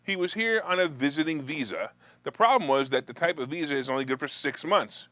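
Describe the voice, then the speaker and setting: On a live finance and politics talk show, a man hosts in an expressive, slightly fast voice that sounds pushed and bright, recorded with no room sound. He chats loosely with viewers, jokes, restarts and goes off on asides. As host of this stock market program, he mocks opponents in a whiny, high-pitched voice.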